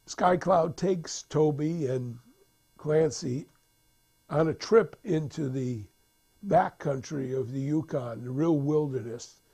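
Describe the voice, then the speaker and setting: A man's voice: fairly high pitch, slow, dark tone, breathy edge. A man casually retelling a film's plot, rambling with many restarts and acting out the characters' lines. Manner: rambling, full of restarts and fillers, acts out quotes. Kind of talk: casual storytelling.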